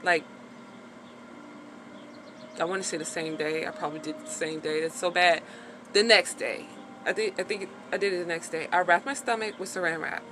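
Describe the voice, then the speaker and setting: A woman's voice: fairly low pitch, steady tone, normal speed, long pauses, noisy background. A woman talking frankly in a casual personal vlog, chatty and full of "like" fillers, with the odd swear word. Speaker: vlogger sharing her recovery after birth.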